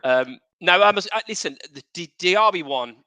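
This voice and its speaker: Man, podcast co-host, joking casual chat, bright voice, dry mic. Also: high-pitched, lively intonation, moderate pace, clear, resonant tone, no room sound. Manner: joking, full of "um" and "mate".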